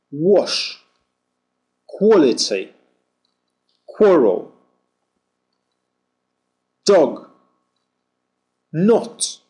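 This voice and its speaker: A man teaching pronunciation, modelling words and phrases one at a time in a clear, deliberate way. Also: fairly high pitch, a little mellow. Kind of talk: slow drilled pronunciation lesson.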